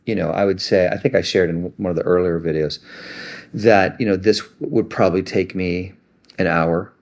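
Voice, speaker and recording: A man gently and reflectively talking through an emotional self-help practice. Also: low-pitched, steady tone, moderate pace.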